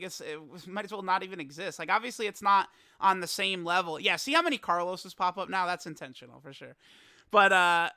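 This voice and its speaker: High, bright, exasperated young man. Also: no room sound, clean studio sound. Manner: exasperated, laughing, rambling with stammered restarts. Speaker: gaming YouTuber. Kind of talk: casual reaction commentary.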